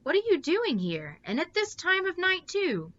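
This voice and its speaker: A woman's voice: extremely high pitch, wildly swooping pitch, normal speed, a bit bright, dull audio, voice pushed up, full character voice. A woman voicing a small, clever boy who speaks bluntly and asks pointed questions. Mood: indignant.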